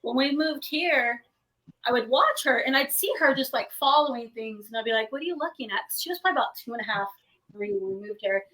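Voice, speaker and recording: Bright, lively-voiced woman telling a story. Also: fairly high pitch, a little fast, rough recording. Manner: animated storyteller, acts out quoted voices. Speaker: paranormal investigator guest. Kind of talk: casual interview storytelling.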